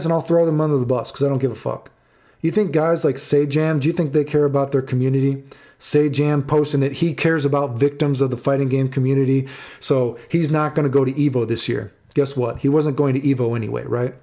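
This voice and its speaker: A man's voice: mid-range voice, steady tone, fairly quick, warm tone. Angry foul-mouthed male streamer. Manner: angry, profane, repeats himself. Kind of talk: live-stream rant and chat reading.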